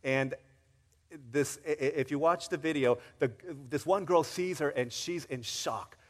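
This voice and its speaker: A man preaching a sermon, telling a story in a lively way and acting out the quoted voices. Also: fairly high pitch, unhurried, big-room sound. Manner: animated storyteller, acts out quotes with rising excitement. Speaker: pastor. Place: church sanctuary.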